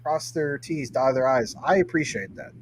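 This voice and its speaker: A man's voice: mid-range voice, normal speed, a little hiss or hum, low-quality recording. A man hosting a casual livestream, reading viewer comments and teasing his guest playfully. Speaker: livestream host.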